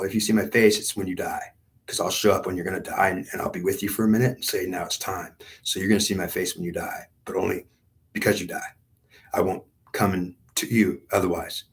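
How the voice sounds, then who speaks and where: A man's voice: deep voice, steady tone, fairly quick. A man telling a rambling spiritual story in a meandering, repetitive way, full of fillers and restarts.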